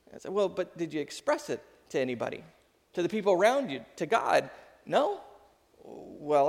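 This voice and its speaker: A man in his thirties preaches in a relaxed, conversational way, his voice sitting a little high for a man. It carries the long reverb of a large hall. He moves easily between plain teaching and quick asides. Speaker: pastor. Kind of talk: sermon. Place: church sanctuary.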